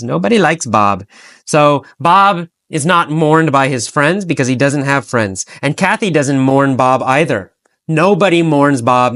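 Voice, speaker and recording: A man's voice: on the high side, a bit bright, dry recording, clean studio sound. A man teaching an English lesson, telling a story through repeated questions and answers and asking listeners to repeat key phrases.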